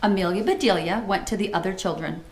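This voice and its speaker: A woman reading a children's book aloud, pausing to comment and ask listeners questions in an expressive way. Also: mid-range voice. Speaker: storybook reader. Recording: roomy echo.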